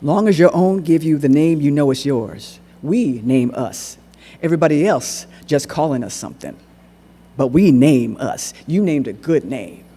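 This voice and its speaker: A man's voice: a little high, expressive, normal speed, warm tone. A man playing a wise old street philosopher. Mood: earnest. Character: older streetwise bookshop man, calm and wise.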